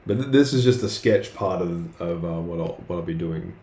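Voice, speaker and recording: This streaming artist's voice sits low and a little mellow, with lively intonation at normal speed. Drawing live, he chats in a hesitant way, full of fillers and restarts, in a roomy space with faint background noise.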